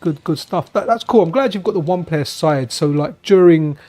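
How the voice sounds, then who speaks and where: High-voiced guy streaming. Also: fairly quick, darkish tone. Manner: chatty and enthusiastic, with frequent restarts. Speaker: streamer, channel host. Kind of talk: casual live-stream chat while gaming. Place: friend's house.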